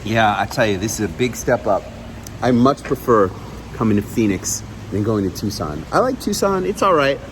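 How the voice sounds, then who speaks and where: A man's voice: lowish voice, very animated, a little hiss or hum, rough recording. Emphatic male coach giving directions. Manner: emphatic, directive, demonstrates lines slowly. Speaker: media coach. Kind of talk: hands-on coaching session. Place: outdoors by a waterfall.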